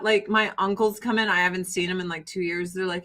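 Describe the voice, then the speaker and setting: On a low-quality recording, a middle-aged woman speaking with a Chicago-area Midwestern accent from Illinois rambles through a casual, profane livestream as a skincare seller. Her mid-range, slightly bright voice moves a little fast, and she laughs often and imitates people.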